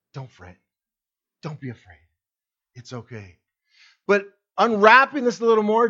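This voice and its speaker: A man preaching a sermon as pastor, swinging between loud emphatic lines and hushed, soft ones. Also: high-pitched, highs cut off.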